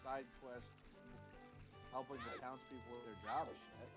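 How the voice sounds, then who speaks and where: Dry, sarcastic male co-commentator, mid pitch, heavy game music underneath. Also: steady tone, moderate pace. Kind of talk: casual gameplay commentary.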